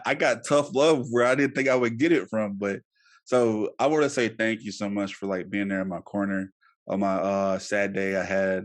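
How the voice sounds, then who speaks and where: A man hosting a casual podcast, talking earnestly and encouragingly, with many fillers. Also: fairly low pitch. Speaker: podcast host.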